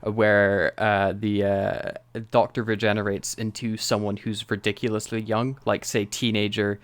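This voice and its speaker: Scottish male co-host, low register, halting, laughs a lot, dry booth sound. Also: flat delivery, dry recording. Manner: rambling, hesitant, laughs often. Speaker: podcast co-host. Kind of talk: casual chat reviewing a TV episode.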